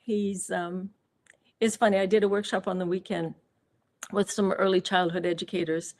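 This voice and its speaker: A woman's voice: medium pitch, little pitch movement, normal speed, a little mellow. A woman author speaking as a guest on a live interview show, candid and reflective, telling personal stories with fillers and restarts.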